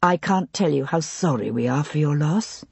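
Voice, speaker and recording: Gentle, composed lady, soft-spoken, a bit husky. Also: mid-range voice, lively intonation, moderate pace, no echo, full character voice. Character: gentle noblewoman, calm and sympathetic. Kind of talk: audiobook character reading.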